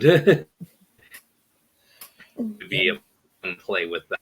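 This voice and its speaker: A man's voice: fairly high pitch, wildly swooping pitch, slow pace, gravelly, husky, poor audio. A man hosting an interview, casually explaining his stage acting work in a thoughtful, step-by-step way. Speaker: interview host and stage actor.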